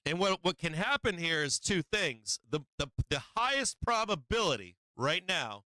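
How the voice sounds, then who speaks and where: A man's voice: a little high, no echo. Brash, swearing man explaining charts. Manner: blunt, swearing, animated with mock quotes of traders. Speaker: stock market livestream host. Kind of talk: casual profane market commentary.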